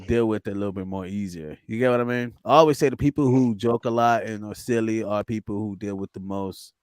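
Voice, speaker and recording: A man co-hosting a podcast with a New York accent, joking and laughing loudly in profane casual banter. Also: on the low side, fairly quick, no echo, clean studio sound. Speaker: podcast co-host. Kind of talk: casual chat.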